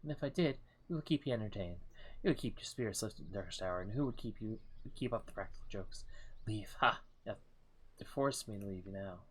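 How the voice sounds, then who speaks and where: A man's voice: lowish voice, expressive, a little fast, husky. A man voicing a perky, loyal young woman companion while reading game dialogue aloud. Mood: teasing.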